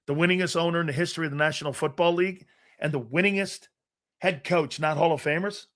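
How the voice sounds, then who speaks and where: A man's voice: fairly high pitch, steady tone, quick pace, a bit bright. Brash, combative sports radio host, man. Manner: combative, brash, swears freely. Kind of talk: blunt sports talk radio rant.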